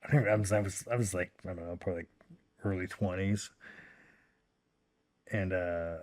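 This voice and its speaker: A man's voice: low-pitched, fairly even intonation, moderate pace. A man in his thirties, a podcast guest talking bluntly and profanely in a rambling, filler-filled way. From United States. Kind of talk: casual long-form interview talk.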